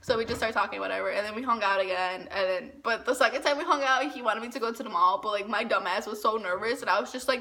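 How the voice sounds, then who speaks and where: Young woman, casual storytime vlogger, bright tone, giggly and nervous, swears, acts out her reactions. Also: on the high side, expressive, fast talker, few pauses. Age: young adult.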